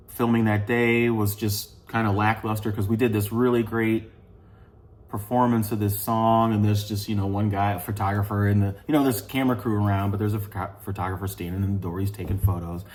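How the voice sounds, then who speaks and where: A man's voice: fairly low pitch, a little mellow. A man from St. Louis, Missouri, telling a long casual story about his band, rambling with many fillers, asides and the odd curse word. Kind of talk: casual spoken recollection.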